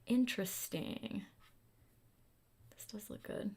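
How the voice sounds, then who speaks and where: A chatty young woman talks casually while carving a pumpkin. She muses out loud about books and drifts now and then into soft, quiet asides. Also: medium pitch, slow pace, slightly rough. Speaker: booktuber.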